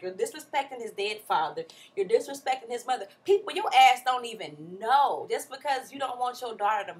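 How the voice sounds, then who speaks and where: With a forceful, bright voice sitting a little high, a young woman runs through a reality show recap. Her commentary is casual, slangy and blunt, and her animated, exasperated delivery bounces around a lot.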